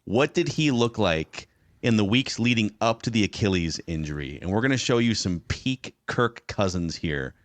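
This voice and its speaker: A man with a fairly low voice hosts a casual sports podcast in a playful, upbeat manner. He sits close to a studio mic in a dry room with no echo. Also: lively intonation, normal speed. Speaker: podcast host.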